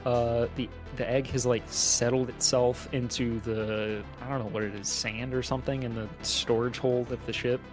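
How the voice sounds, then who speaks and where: A man's voice: medium pitch, level tone, moderate pace, few pauses, music in the background. A man co-hosting a podcast, casually recapping a movie plot with profane, jokey asides. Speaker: podcast co-host.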